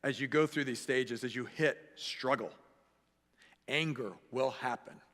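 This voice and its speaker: A man preaching a sermon as pastor, animated and acting out the voices he quotes. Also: medium pitch, measured pace. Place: church sanctuary. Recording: echoey church hall.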